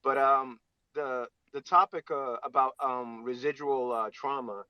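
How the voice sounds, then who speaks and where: A man speaking up in a live audio chat room, talking haltingly with many fillers and restarts. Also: mid-range voice, no echo. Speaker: audience speaker. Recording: dull dry lo-fi online call audio.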